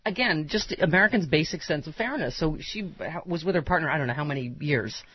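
A woman hosting a call-in radio talk show, chatty and animated, taking calls. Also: sits low, fairly quick, lo-fi sound, a crowd in the background. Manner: animated, chatty, laughs easily. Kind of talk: casual call-in radio chat.

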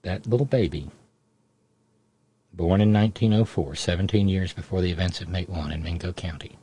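Deep, husky and mellow, yet brisk, this middle-aged man's voice carries a radio show as he rambles off on tangents through a family tale. The delivery is that of a casual radio monologue.

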